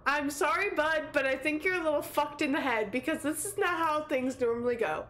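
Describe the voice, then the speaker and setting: A woman's voice: high-pitched, brisk, hardly any pauses, a bit bright. A woman gaming streamer reading game dialogue aloud with playful giggles.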